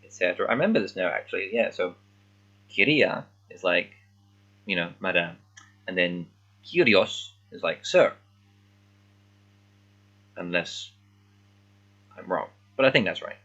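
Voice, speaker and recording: A man reading along with a children's book as a language learner, thinking aloud and sounding out words haltingly in casual commentary. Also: low voice, expressive, sharp tone, dull audio.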